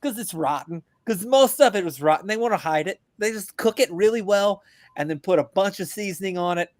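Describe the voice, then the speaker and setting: A veteran man ranting on a podcast in a blunt, joking way, his fairly high voice climbing as he gets going. He talks over a video call, and the sound is dry with no room echo. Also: animated, a little fast. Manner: blunt, joking, gets louder and higher as he rants. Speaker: veteran guest. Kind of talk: casual podcast rant.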